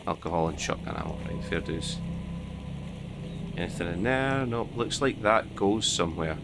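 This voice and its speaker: Low-voiced man muttering over gameplay. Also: animated, normal speed, gravelly. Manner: muttering to himself, dry asides, occasional swearing. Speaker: gameplay commentator. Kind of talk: casual gameplay commentary. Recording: noticeable background noise.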